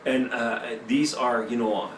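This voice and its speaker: Man, interview guest, emphatic testimony, halting English, distant mic. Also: medium pitch, steady tone, slight background noise. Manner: emphatic storyteller, broken English, many fillers. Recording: echoey room, mic at a distance.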